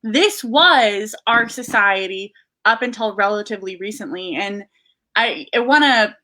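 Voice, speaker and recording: Bright-voiced woman co-host. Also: medium pitch, expressive, measured pace. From Southern Virginia. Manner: earnest, conversational storytelling. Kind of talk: casual political chat.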